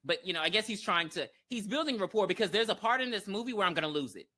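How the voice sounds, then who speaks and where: A woman co-hosts a podcast and recaps a film in loose, easygoing chat. Her bright voice swoops high and low as she laughs and acts out what the characters say. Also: lively intonation, quick pace. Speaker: podcast co-host. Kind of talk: casual movie recap chat.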